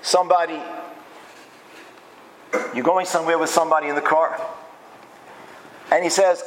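A man's voice: on the high side, flat delivery, normal speed, pauses often, noisy background. A man giving a lecture-style Torah class, emphatic and repeating phrases as he builds his point. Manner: acts out quoted speech in changed voices. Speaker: Torah teacher.

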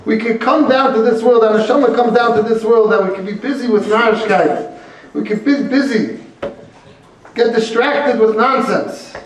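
High-voiced rabbi in an echoey hall. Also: male voice, moderate pace, a little hiss or hum. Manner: conversational storyteller, peppered with Hebrew and Yiddish terms. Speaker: rabbi teaching a class. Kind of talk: storytelling Torah talk. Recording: very echoey room, mic far off.

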